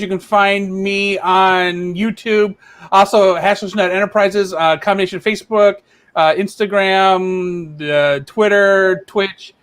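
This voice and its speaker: A man with a notably high voice hosts a livestream panel over a video call. He moderates in a steady, organized way and hands the turn to each guest in order. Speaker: panel host.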